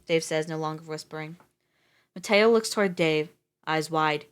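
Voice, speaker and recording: A woman's voice: deep voice, moderate pace, clear, resonant tone. A woman streamer reading a story aloud live, breaking off for casual, swearing asides.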